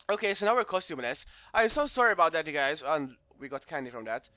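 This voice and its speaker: A man's voice: fairly high pitch, sing-song, fast talker, hardly any pauses, bright, forceful tone, dry recording. A man doing let's play commentary, reading game text aloud and grumbling and swearing when the game annoys him.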